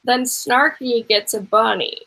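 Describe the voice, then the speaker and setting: An easygoing woman hosts a casual chat. She talks slowly with a gravelly rasp. Her voice is bright and a little high. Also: low-quality recording. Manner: easygoing, encouraging, laughs often. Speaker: host.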